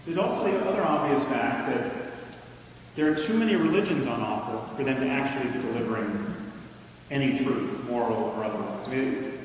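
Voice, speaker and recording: A man delivers a measured, argumentative lecture, his mid-range voice carrying through a large hall. The sound is roomy and distant, with a long reverb trailing each phrase. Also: medium pitch, slight background noise. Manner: measured and argumentative, with frequent restarts. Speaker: public speaker. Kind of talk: lecture to an audience. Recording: echoey hall recorded from far off.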